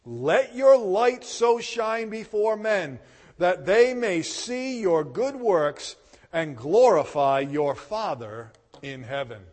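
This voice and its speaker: Man, preacher, high voice, slow deliberate pace, emphatic storytelling, long hall reverb. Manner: emphatic, animated storyteller, bursts of loud emphasis. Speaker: pastor. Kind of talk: sermon with personal storytelling.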